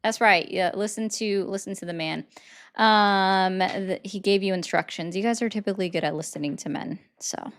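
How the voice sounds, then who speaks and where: A woman hosting a casual live-stream chat, talking in a chatty, sarcastic way with quick asides. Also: medium pitch. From United States. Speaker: host.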